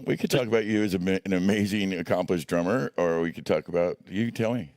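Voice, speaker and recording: Male interview host, very low voice, laid-back delivery, dry mic. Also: fast, darkish tone, dry recording. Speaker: podcast host. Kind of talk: casual interview.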